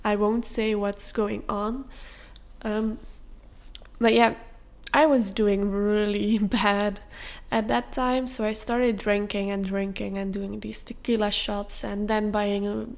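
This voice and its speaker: A young woman hosting a podcast, telling a personal story in a candid, confessional way with soft fillers. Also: medium pitch, level tone, takes it slowly, gravelly. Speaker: podcast host.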